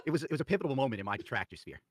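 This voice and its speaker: Rapid-fire ironic male guest. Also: mid-range voice. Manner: deadpan ironic humor. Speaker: guest commentator. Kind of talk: casual chat.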